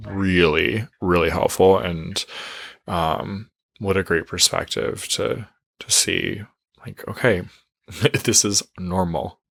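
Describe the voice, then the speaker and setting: A man hosting a podcast interview, reacting warmly and enthusiastically to his guest. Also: deep voice, steady tone, slow pace, creaky, dry recording, clean studio sound. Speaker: podcast host and coach.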